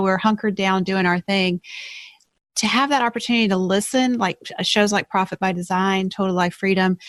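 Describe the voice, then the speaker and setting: A woman's voice: medium pitch, fairly bright tone, no echo. A woman hosting a business podcast, interviewing a guest and reading a scripted closing call to action. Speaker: podcast host. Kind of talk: interview and show outro.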